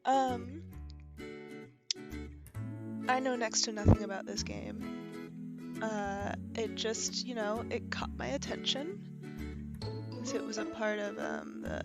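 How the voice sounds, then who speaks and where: Slow-talking, awkward woman streamer. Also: a little high, over loud music. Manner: awkward, rambling, many fillers. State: hiccuping. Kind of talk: casual live-stream chat. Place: her bedroom. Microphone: headset.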